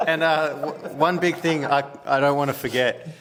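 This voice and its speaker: A man's voice: on the high side, fairly even intonation, moderate pace, fairly bright tone. A man with an Australian accent, co-hosting a podcast and talking in a loose, rambling way with lots of fillers. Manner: rambling, hesitant, many fillers. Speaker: podcast co-host. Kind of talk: casual podcast chat.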